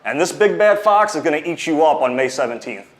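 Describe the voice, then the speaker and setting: A man's voice: a little high, lively intonation, a little fast. A man speaking as a wrestling champion, mocking his opponent and telling a taunting story. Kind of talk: trash-talking wrestling promo.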